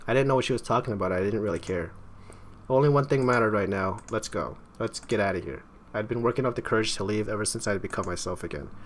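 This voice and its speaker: Talking fast in a voice on the low side, a man who makes gaming videos on YouTube narrates a game's text as he plays. His comments are casual and stumbling, with wry asides and a throat strained from talking, over slight background noise.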